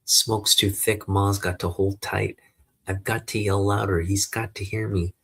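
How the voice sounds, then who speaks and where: A man's voice: lowish voice, little pitch movement, a little slow, vocal fry, slightly rough, heavily acted. A man voicing a panicked young boy who pleads for help as he reads a comic aloud. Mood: pleading. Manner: pleading, shouting.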